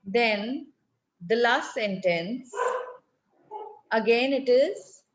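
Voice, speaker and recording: A woman with an Indian English accent teaches a French class over a video call. She explains patiently, one step at a time, in a fairly high voice. The audio is dull and lo-fi, with a faint hiss. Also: extremely slow. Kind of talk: online classroom lesson.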